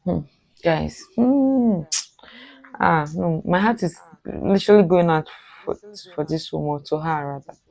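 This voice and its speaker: Gravelly low-voiced woman reacting. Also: measured pace, a little mellow, no echo, poor audio. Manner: exclaiming, emphatic interjections. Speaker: reaction video host. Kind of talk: casual reaction commentary.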